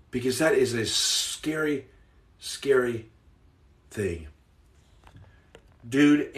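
A man hosting a casual livestream, reading viewer comments, joking loudly in slang and turning soft and earnest. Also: mid-range voice, reverberant, far from the mic. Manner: boisterous, jokey, slangy, swings to soft earnest. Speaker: livestream host.

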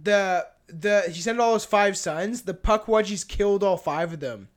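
A man's voice: high-pitched, normal speed. A young man co-hosting a podcast, rambling and swearing in casual chat, laughing often. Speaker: podcast co-host.

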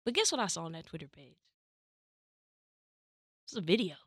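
Her lowish, slightly rough voice moves at a normal speed, recorded at studio quality with no room sound. She's a young adult woman from California who hosts a podcast, telling a personal story in casual chat and animatedly acting out the quoted dialogue.

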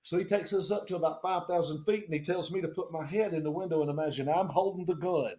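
A man in a band telling a tour story in a casual, animated, profane way, acting out the people he quotes. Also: fairly high pitch, quick pace, reverberant.

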